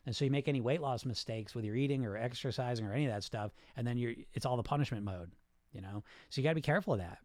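A man's voice: medium pitch, rapid-fire, darkish tone, no room sound. A middle-aged man coaching on weight loss in a casual, blunt, rambling way, with restarts and swearing. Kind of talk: casual coaching talk answering listener questions.

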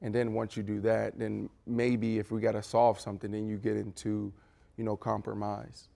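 A middle-aged man co-hosting a podcast in casual chat, animated and storytelling. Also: on the low side, normal speed, creaky. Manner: animated, acts out quotes with big voices. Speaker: podcast co-host.

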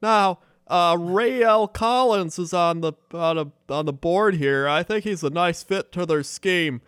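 A man playing a measured, matter-of-fact pro football analyst who breaks down players. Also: sits high, a bit bright, clean tone, no echo, clean studio sound. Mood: analytical.

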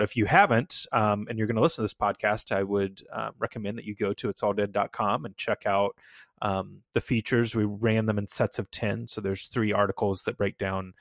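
A man hosting a casual music podcast, talking in a relaxed way with lots of fillers. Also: fairly low pitch, no room sound. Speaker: podcast host.

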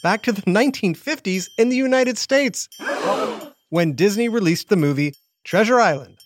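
A man hosting a children's educational podcast, narrating in an upbeat, animated way for kids. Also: high-pitched, moderate pace. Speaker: host.

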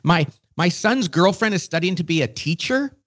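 A middle-aged man as a podcast guest, telling a story with quick, enthusiastic energy. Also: sits high, lively intonation, a bit bright. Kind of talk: casual conversation.

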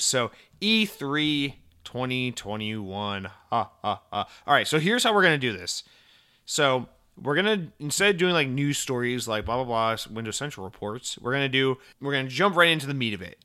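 A man hosting a casual gaming podcast, rambling and venting with lots of swearing and animated mock dialogue. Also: medium pitch, clean tone. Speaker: podcast host.

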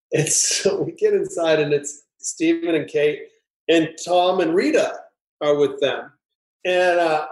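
Animated man telling a story, roomy sound. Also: on the high side. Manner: animated, acts out voices in anecdotes. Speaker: screenwriter guest. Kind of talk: casual storytelling. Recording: roomy echo.

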